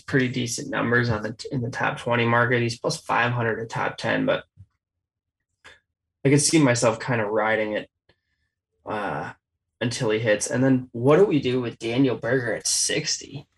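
A man's voice: medium pitch, gravelly, low-quality recording. A man hosting a casual golf betting chat, rattling off odds and stats. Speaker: golf betting podcast host.

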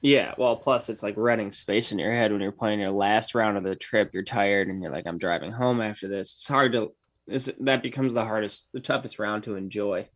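A man's voice: on the low side, fairly even intonation, moderate pace, fairly bright tone, dry recording. A man co-hosting a golf podcast, chatting casually and laid-back, with slang like "dude". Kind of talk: casual chat.

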